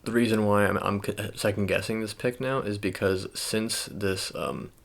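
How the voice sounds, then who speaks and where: Low gravelly soft-spoken man rambling. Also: steady tone, normal speed. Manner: rambling, casual, many fillers and restarts. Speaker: ASMR channel host. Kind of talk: soft-spoken ASMR sports talk.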